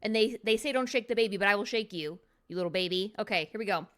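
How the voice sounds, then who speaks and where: Goofy bright-voiced woman streamer. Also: mid-range voice, fast talker. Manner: goofy, playful, silly threats and jokes. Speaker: streamer reviewing cards. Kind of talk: casual card review commentary.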